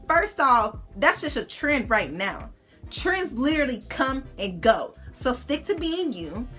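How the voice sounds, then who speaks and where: A woman's voice: high voice, fairly bright tone. A young woman vlogger, talking casually and bluntly to camera, slangy and cussing freely. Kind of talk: casual motivational talk to camera.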